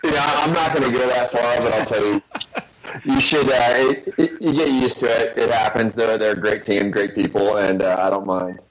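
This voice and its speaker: A man appearing as a podcast guest, polite, calm and brief. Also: mid-range voice, normal speed, a little hiss or hum, poor audio. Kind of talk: casual chat.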